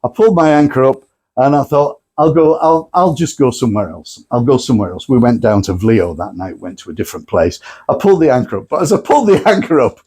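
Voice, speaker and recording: A man presenting at a club night, telling anecdotes in a lively way and acting out the people he quotes. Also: medium pitch, fast talker, breathy edge. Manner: lively storyteller, acts out quotes.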